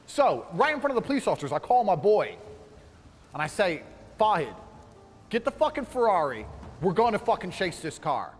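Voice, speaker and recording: A man's voice: high voice, very animated, fairly quick, in a large hall. Man telling a fiery profane story. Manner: indignant, swearing, acts out other people's lines. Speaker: storyteller in a played clip. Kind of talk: profane animated anecdote.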